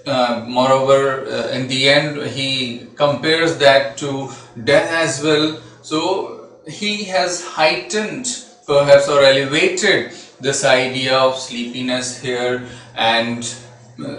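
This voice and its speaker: A man lectures on a poem at an unhurried pace, breaking up his points with "uh" fillers. He sounds a few steps from the mic, and the room around him rings with strong echo. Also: mid-range voice, fairly bright tone. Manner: slow and deliberate, with frequent "uh" fillers. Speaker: literature lecturer. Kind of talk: explaining a poem. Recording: very echoey room, distant mic.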